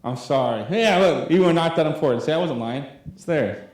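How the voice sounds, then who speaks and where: A man's voice: on the high side, animated, brisk, darkish tone. A young youth pastor in his late twenties, preaching a sermon in a loose, conversational way with lots of fillers. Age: 20s. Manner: rambling and conversational, full of fillers. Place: church hall. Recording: very echoey church room.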